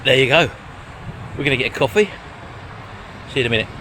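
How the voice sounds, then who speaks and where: A man's voice: medium pitch, expressive, fast talker, background noise. A man from England, chatting casually to camera with jokes and teasing while walking outdoors on a seafront. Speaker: travel vlogger.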